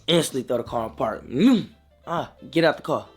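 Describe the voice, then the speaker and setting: A young man, telling a rambling, slangy storytime to his viewers that grows animated as he retells it. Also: mid-range voice, fast, breathy edge, faint music behind. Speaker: vlogger. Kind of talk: casual storytime.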